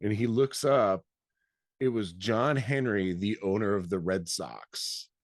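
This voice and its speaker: A man's voice: on the low side, slow pace, no room sound, studio quality. A man from Michigan, co-host of a podcast, telling a rambling anecdote in casual chat and acting out the quotes.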